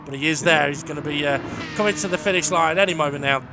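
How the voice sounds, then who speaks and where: A man hosting a sim racing league show, calling the results and trading jokes with a co-host, excitable and full of fillers. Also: on the high side, quick pace, music in the background. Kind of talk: casual race commentary and banter.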